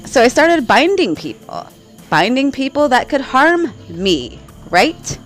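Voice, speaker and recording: A woman's voice: high-pitched, big pitch swings, slow pace, soft background music, low-quality recording. A woman vlogger telling a spiritual story in casual, rambling talk, often checking in with "right?" and laughing along the way. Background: faint crickets.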